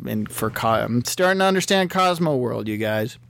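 A man giving a comedic, rambling monologue as a vlogger, talking in a dry, halting way with many fillers and restarts. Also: medium pitch, animated, vocal fry, a bit bright, no room sound. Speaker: vlogger answering a magazine quiz.

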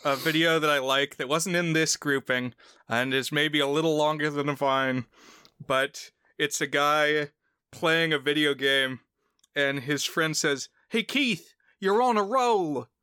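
A man co-hosting a podcast in casual chat, relaxed and quick to laugh while retelling clips. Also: on the high side, clear, resonant tone, dry recording, clean studio sound. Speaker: podcast co-host.

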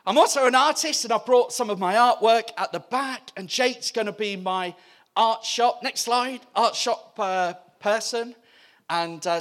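A man speaking at a church event, telling animated stories and acting out the other people in them. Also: sits high. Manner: lively, laughing, acts out the voices of others. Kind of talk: animated storytelling testimony.

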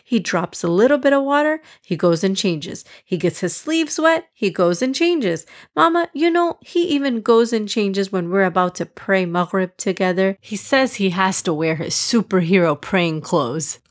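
A woman voicing an upset, earnest young boy in a storybook, lifting her voice higher and brighter. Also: expressive, moderate pace, few pauses, close to an everyday voice. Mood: aggrieved.

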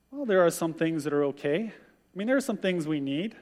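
Male pastor, sermon; higher voice, acts out quotes with animation; long room reverb. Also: animated, moderate pace, long pauses, a little mellow.

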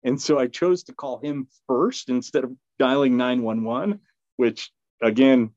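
A man at a middle pitch recounts a story as a guest, rambling through fillers, restarts and quick laughs. The recording is dull and low-fidelity, with a dry, close sound. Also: a little mellow, no echo. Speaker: podcast guest. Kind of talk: casual storytelling.

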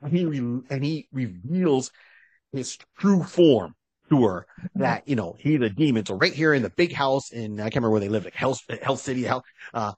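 A man on a podcast retells a comic book plot, keeping the story lively with quick put-on voices for its characters. His voice is husky, and the sound is dry and close with no room around it. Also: medium pitch, no room sound. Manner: animated storyteller who acts out short character voices. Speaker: podcast co-host.

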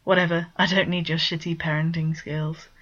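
A man's voice: a little high, level tone, normal speed, a bit bright, lo-fi sound, close to an everyday voice. A woman voicing a stubborn, playful adult man who pleads and teases to keep some kittens. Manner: pleading, teasing.

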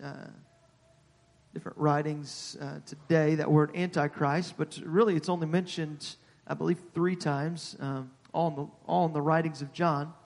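A man preaching a sermon to his congregation in a church, repeating words as he builds and rising in pitch and volume at the high points. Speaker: pastor. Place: church sanctuary. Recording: long hall reverb.

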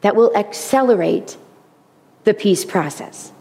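A woman's voice: a little high, normal speed, a little mellow. Earnest woman teaching a faith group. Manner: earnest, acts out quoted speech in varied voices. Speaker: Bible teacher.

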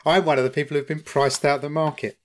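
A man with an East London accent, co-hosting a podcast in casual chat, telling stories in an animated, jokey way with some swearing. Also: on the high side, fast. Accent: London English. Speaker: podcast co-host.

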